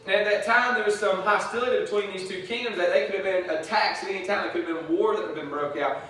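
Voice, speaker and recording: Pastor guy rambling through a sermon, high bright voice, faint hiss in back. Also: quick pace. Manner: casual, rambling storytelling with folksy asides. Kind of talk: conversational sermon. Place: church sanctuary. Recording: echoey church from far off.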